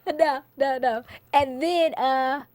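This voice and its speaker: A woman, an actress, being interviewed and telling lively stories about her work, laughing often and acting out quotes. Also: sits high, very slow, no room sound. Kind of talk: casual interview storytelling.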